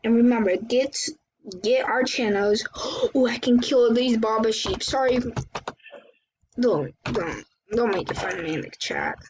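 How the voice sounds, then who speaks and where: A woman giving live gameplay commentary on her channel, chatty and quick to exclaim or apologize. Her voice sits a little high and she talks at an unhurried pace. The recording is dull and lo-fi, with a faint hiss underneath. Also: expressive, darkish tone. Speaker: gaming channel host.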